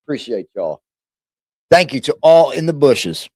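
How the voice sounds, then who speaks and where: A brash middle-aged man running a livestream, swinging his voice up and down as he mocks chat with a slow, drawn-out delivery. Fairly high-pitched and laughing often, in a dry, close-sounding room. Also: sing-song, darkish tone, breathy edge, no room sound. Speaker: livestream host reacting to videos. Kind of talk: casual profane livestream chat.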